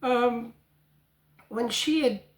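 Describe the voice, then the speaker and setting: A higher-pitched woman tells a long personal story with rising indignation, stopping now and then to mimic the people she quotes. Her voice rings in an echoey room. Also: extremely slow. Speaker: spiritual channel host.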